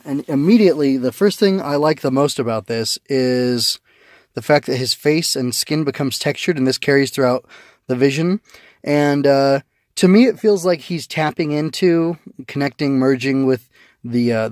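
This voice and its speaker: A man's voice: medium pitch, a little slow, a little mellow, no room sound, clean studio sound. A man giving a casual spoken review of a comic, rambling with many fillers and restarts, recorded on a phone.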